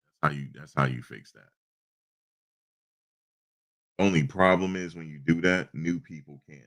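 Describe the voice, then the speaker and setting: Super deep voiced guy rambling on his stream, aave, lots of restarts, bright punchy tone, desk mic. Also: a little fast. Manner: rambling storytelling with many restarts. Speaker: channel host. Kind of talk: casual live-stream chat. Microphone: desktop USB microphone.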